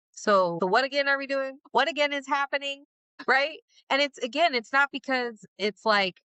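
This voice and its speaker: A woman's voice: medium pitch, a bit bright, smooth, no echo. A woman co-hosting a podcast in casual chat, reflective and earnest, leaning on fillers as she thinks aloud. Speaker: podcast co-host.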